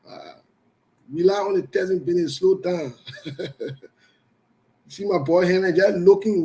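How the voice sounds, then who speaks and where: A man's voice: sits high, takes it slowly, creaky, long pauses, mellow. A man hosting a live call-in talk show, stern and preachy, repeating his warnings and laughing between them.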